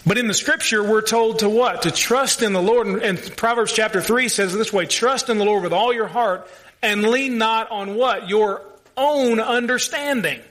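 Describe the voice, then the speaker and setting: A male pastor delivers a sermon to his congregation. His voice sits high and sounds bright. He talks earnestly and keeps putting questions to the listeners. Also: normal speed.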